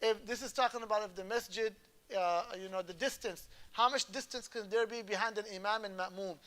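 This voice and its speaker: A man teaching Islamic law in a relaxed classroom lecture, his voice bright and forward. He explains step by step, drops in Arabic terms and checks that the students follow. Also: high voice, brisk. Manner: explains patiently, often checks the class understands; moves easily between English and Arabic terms.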